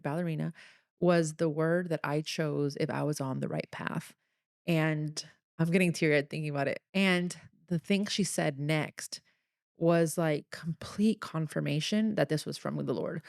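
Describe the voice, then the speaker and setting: Low gravelly-voiced woman podcaster. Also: no echo, clean studio sound. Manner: chatty, earnest, confessional storytelling. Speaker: podcast host. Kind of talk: solo podcast storytelling.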